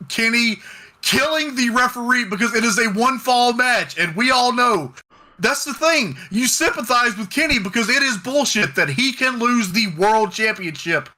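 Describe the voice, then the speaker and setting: A man co-hosting a wrestling review podcast, recapping a match in excited, casual chat, swearing and getting loud. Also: sits high. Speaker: podcast co-host.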